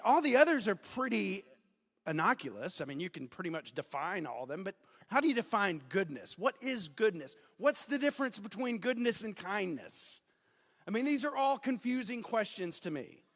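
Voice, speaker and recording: A man in his forties, a student pastor giving a casual, self-deprecating sermon, with sudden loud emphasis. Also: on the high side, in a large hall. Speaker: student pastor, guest preacher. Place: church sanctuary.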